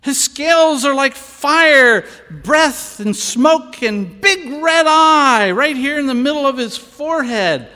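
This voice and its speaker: Agitated elderly dean, put on by a preacher, loud and insistent, wide pitch swings. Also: male voice, expressive, takes it slowly, few pauses, heavily acted. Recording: long hall reverb.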